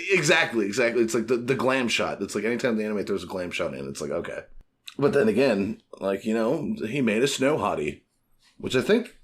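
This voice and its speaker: Podcast co-host, man, lowish husky voice, animated and profane. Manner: animated, swears, acts out quotes. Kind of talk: casual chat.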